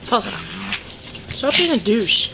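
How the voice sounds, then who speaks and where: A woman's voice: on the high side, very animated, takes it slowly. A woman filming her pets at home, joking around in mock-pirate slang and teasing the animals. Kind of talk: playful home video commentary. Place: at home indoors. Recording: noisy home camcorder audio.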